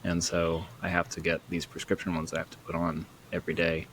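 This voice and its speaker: A man's voice: low-pitched, completely flat delivery, fast talker, a bit bright, slight background noise, poor audio. A man co-hosting a podcast in casual chat, an easygoing storyteller with dry humor. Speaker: podcast co-host.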